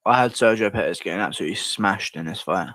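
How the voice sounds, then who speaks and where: A man's voice: lowish voice, fast talker, fairly bright tone, no room sound. A man from the United Kingdom streaming and chatting casually with viewers, rambling and crude.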